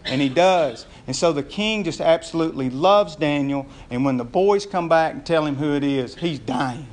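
High-voiced male pastor preaching. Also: normal speed, slight background noise. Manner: lively storytelling with frequent laughs and rhetorical questions. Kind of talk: sermon.

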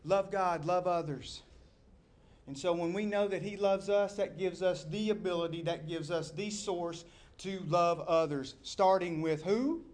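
A middle-aged man preaches a sermon, his voice sitting a little high for a man. He swings from loud, shouted lines down to hushed, almost whispered ones as he leads the congregation. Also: measured pace. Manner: animated preaching, shouting quoted crowds, dropping to near-whispers. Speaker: pastor.

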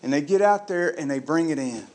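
Casting note: male pastor with a slightly high voice, preaching a storytelling sermon and playing the people in it. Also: lively intonation, fairly quick, a little mellow.

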